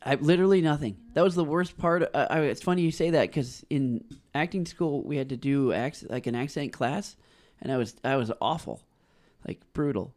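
A young man from British Columbia, a comedian guesting on a podcast. His voice sits fairly high for a man, and he chats in an easygoing, agreeable way, laughing often. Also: moderate pace, a little mellow. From British Columbia, Canada. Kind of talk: casual chat.

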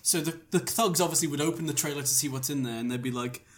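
A woman's voice: low voice, quick pace. A woman telling a comic story on a podcast, rambling and playful, often laughing. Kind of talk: casual comedic storytelling.

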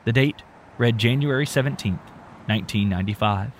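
A man reading a story aloud in a steady, measured narration. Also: mid-range voice, slight background noise.

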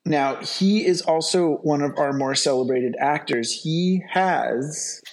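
A man with a fairly high voice chats on a podcast. He reads out actor trivia with enthusiasm, laughing along with his co-hosts. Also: slow. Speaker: podcast co-host. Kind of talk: casual podcast chat.

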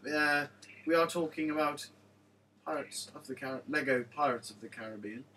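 A man's voice: a little high, normal speed, pushed and bright. A man hosting a casual gaming podcast, jokey and giggly, mumbling at times. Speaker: podcast host. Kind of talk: casual chat. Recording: distant mic, faint background noise.

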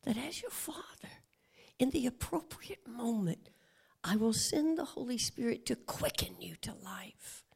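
A woman voicing God the Father, a gentle man who asks his questions in a soft whisper. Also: fairly high pitch, big pitch swings, measured pace, vocal fry, slightly rough, heavily acted.

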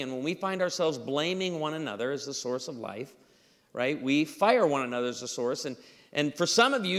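Animated male preacher in a reverberant hall. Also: fairly high pitch. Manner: animated, acts out dialogue in stories. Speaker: pastor. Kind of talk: humorous sermon with storytelling. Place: church auditorium.

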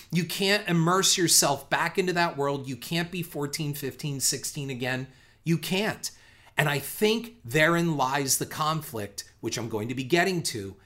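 A man's voice: on the high side, a bit bright. Earnest middle-aged man musing on films. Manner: earnest, conversational, repeats words when restarting; casual swearing. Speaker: film commentator. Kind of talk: reflective film commentary monologue.

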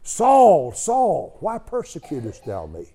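A man voicing a voice from heaven that calls out high and loud. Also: wildly swooping pitch, moderate pace, slightly rough. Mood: calling out. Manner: high ringing call. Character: voice from heaven calling out, man, commanding.

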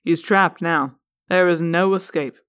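A woman's voice: lowish voice, a little slow, a bit bright, clean tone. Woman voicing a jovial middle-aged dad, hearty and teasing; audiobook scene. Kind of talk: fan audiobook reading.

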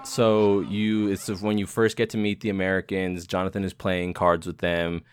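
A man's voice: low voice, monotone, normal speed, noisy background. A young man co-hosting a casual movie podcast, retelling scenes with lots of swearing. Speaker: podcast co-host. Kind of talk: casual movie review chat.

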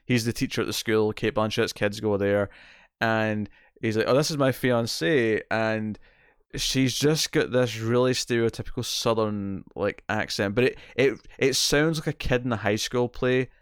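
A man's voice: lowish voice, fairly even intonation, normal speed, smooth, dry recording, studio quality. A man co-hosting a casual film podcast, talking in a rambling way with many restarts. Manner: rambling, frequent restarts and repeated words. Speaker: podcast co-host. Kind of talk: casual movie review chat.

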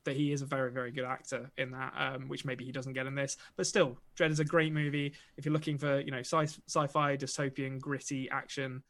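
A man's voice: medium pitch, little pitch movement, a little fast, hardly any pauses, a bit bright. A man co-hosting a film podcast, talking casually with plenty of fillers and restarts. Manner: chatty, lots of fillers and restarts. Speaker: podcast co-host.

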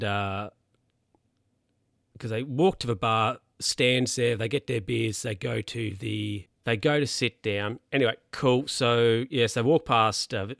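A man's voice: on the low side, gravelly, no room sound, clean studio sound. A man casually retelling a comedy episode, putting on voices for each character and laughing along. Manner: animated storytelling, acts out characters' lines in voices.

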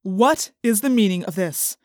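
A woman's voice: medium pitch, animated, normal speed, no room sound, studio quality, natural voice. A woman voicing a stern middle-aged male assistant principal who speaks in a demanding tone.

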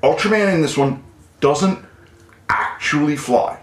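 A man co-hosting a podcast in casual chat, with dry, deadpan asides. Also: fairly high pitch, measured pace. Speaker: podcast co-host. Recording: roomy echo.

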